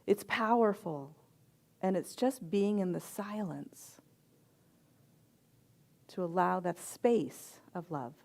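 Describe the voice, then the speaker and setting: A middle-aged woman, a reverend and chaplain, giving a sermon with personal stories in a gentle, reflective voice with soft pauses. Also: fairly low pitch, vocal fry.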